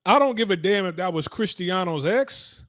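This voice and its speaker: A man's voice: high voice, moderate pace, dry recording, clean studio sound. Blunt, profane man with a drawl. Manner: blunt, profane, animated and dismissive. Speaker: streaming talk show host. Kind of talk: casual reaction commentary.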